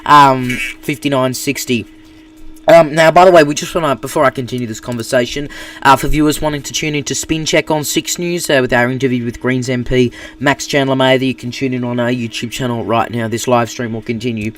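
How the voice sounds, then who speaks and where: A man's voice: mid-range voice, steady tone, fairly quick, fairly bright tone, far from the mic. An Australian man hosting a live streamed news broadcast, talking off the cuff with many fillers and restarts. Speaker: news anchor and producer.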